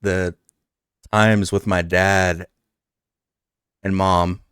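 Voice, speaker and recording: A man's voice: sits low, flat delivery, extremely slow, fairly bright tone, clean tone, no echo, clean studio sound. A man hosting a casual interview, rambling through a heartfelt story with many fillers. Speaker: podcast host.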